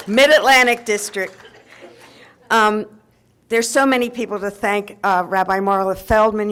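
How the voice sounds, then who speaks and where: An older woman giving an emotional, reminiscing award acceptance speech to an audience at a convention, with frequent ums and laughs. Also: lowish voice. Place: convention hall before an audience.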